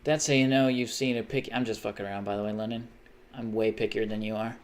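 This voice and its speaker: A man's voice: on the low side, steady tone, quick pace. A man streaming live while he plays a game, rambling in a self-mocking way and chanting silly repeated noises. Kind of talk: casual live-stream chat while gaming.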